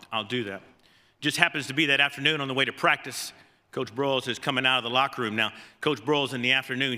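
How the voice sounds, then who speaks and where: A former assistant coach accepts an award in a banquet hall, his mid-range voice bright and forceful. His folksy, self-deprecating speech is full of stories, fillers, and restarts, and the large hall's reverb rings long.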